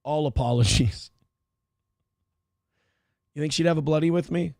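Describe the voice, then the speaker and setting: A man in his thirties hosting a live stream, with a gravelly, fry-laden voice pitched a bit above the usual. He talks in a brash, mocking way and breaks into sudden yelled outbursts. The sound is dry and close, with no room around it. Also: measured pace, no room sound. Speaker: livestream show host. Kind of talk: crude casual livestream commentary.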